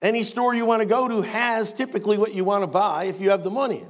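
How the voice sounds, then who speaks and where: Older male pastor, high-pitched voice, emphatic sermon delivery with dry humor. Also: fairly even intonation, quick pace. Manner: emphatic preaching with wry asides.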